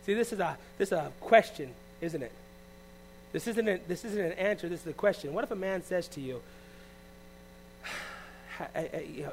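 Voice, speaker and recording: Male pastor, high voice, lively sermon delivery, faint hum on the recording. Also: a little fast, low-quality recording. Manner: animated preaching, swinging between loud and hushed.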